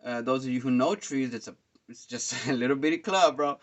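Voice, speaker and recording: A man hosting a podcast, telling concert stories in a rambling, excitable way, full of fillers and slang. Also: mid-range voice, a little fast. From Dallas, Texas. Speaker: podcast host. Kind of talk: casual storytelling monologue. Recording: dull lo-fi sound.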